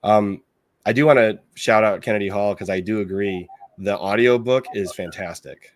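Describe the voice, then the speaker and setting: A man hosting a podcast, talking in a relaxed, chatty way with his guest. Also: fairly low pitch, moderate pace, no echo. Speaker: podcast host. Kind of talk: casual podcast conversation.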